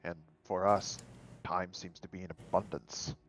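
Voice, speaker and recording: A man voicing a steady, caring male undead companion who speaks gently and earnestly. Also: low voice, unhurried, background noise, voice pushed down. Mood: friendly.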